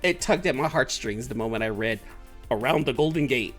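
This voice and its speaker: A man hosting a casual comic book chat, animated and quick to laugh. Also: medium pitch, faint music behind. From San Francisco Bay Area. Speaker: host.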